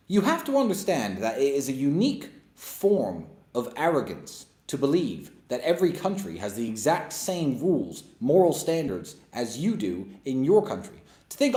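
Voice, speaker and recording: A man's voice: mid-range voice, huge pitch swings, moderate pace, darkish tone. A man in his thirties giving a blunt, scornful opinion monologue as a commentator. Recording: roomy echo.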